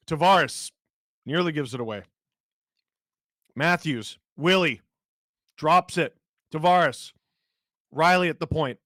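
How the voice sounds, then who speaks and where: A man with a hoarse cold-roughened voice, hosting a live hockey watch-along, calling the play rapidly and reading chat with sudden excited shouts. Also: a little high, dry recording.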